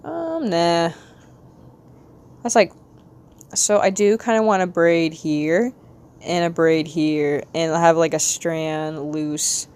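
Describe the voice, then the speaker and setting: An American woman with a light Southern accent, rambling casually to her stream while she draws, talking to herself with quick bursts of excitement. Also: on the low side, smooth. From United States. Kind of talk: casual live-stream chat while drawing.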